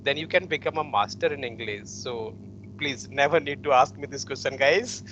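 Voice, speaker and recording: A man hosting an online interview conversation, polite and quick to laugh, often turning to address his viewers. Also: medium pitch, fairly bright tone. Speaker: host. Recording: dull lo-fi sound with background hum.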